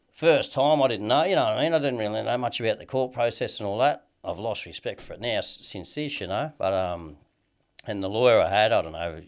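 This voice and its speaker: Australian man, rambling, sweary storytelling. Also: lowish voice. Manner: rambling, heavy swearing, frequent "you know what I mean". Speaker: podcast guest. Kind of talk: casual storytelling chat.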